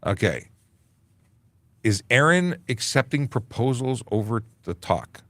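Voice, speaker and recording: A man's voice: medium pitch, sing-song, measured pace, fairly bright tone, dry recording. A man, a police constable, hosting a casual livestream Q&A, reading viewer comments aloud and joking with many fillers. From Canada. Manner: chatty, jokey, reads chat aloud with many fillers.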